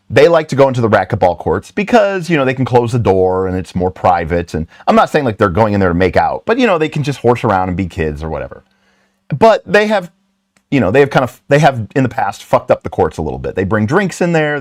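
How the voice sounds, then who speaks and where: Middle-aged male host, lively swooping delivery, dry close sound, rambling and self-deprecating. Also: mid-range voice, no echo. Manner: self-deprecating, animated storytelling with frequent restarts and asides. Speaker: channel host. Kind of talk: casual rambling talk.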